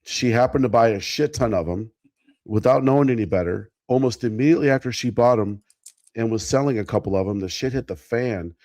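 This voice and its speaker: A man's voice: medium pitch, fairly quick, a little mellow, no room sound, clean studio sound. Blunt, joking man on a podcast. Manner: blunt and joking, with mild swearing. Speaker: podcast co-host. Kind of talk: casual chat.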